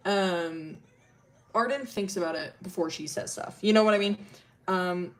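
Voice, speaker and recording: A woman's voice: medium pitch, normal speed. A woman streamer casually telling a long story, rambling with lots of fillers, laughing often and swearing freely.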